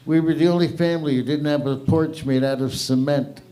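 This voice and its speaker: A man's voice: on the high side, fairly even intonation, mellow. A middle-aged man from Hamilton, Canada, hosting an open mic with brash, profane stand-up on a club stage. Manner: brash, profane, quick asides to the crowd. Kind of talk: stand-up comedy. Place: comedy club stage with audience.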